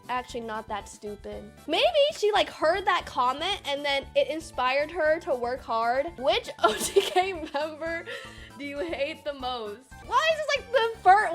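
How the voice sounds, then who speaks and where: A woman in her twenties chats through viewer questions in a bright, high voice. She talks in quick, bubbly bursts full of "like" and asides, and soft music plays faintly behind her. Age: 20s. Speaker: streamer answering viewer questions. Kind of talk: casual Q&A vlog.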